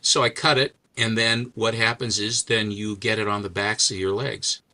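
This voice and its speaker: Older guy rambling on about old comics, super bright voice, jokey. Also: on the low side, little pitch movement, normal speed. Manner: rambling storyteller, chatty and joking. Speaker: host. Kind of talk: casual chat showing comics.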